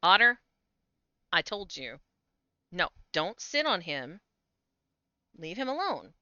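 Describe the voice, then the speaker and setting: A woman's voice: on the low side, very animated, takes it slowly, sharp tone, no room sound. A woman streamer giving casual commentary on her gameplay, chatting to her cats and reading the game's text aloud. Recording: slightly dull home stream mic with faint game music.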